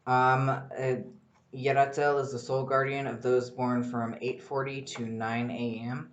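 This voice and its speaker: This solo podcaster talks casually at a measured pace, rambling with excitement and swearing often. His middle-pitched voice bounces around a noticeably echoey room, and the upper frequencies are missing.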